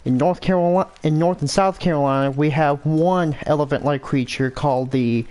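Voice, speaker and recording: A man's voice: a little high, brisk, darkish tone. An American man giving casual, rambling commentary over a hunting game, thinking aloud and correcting himself as he goes. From United States. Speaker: gameplay commentator.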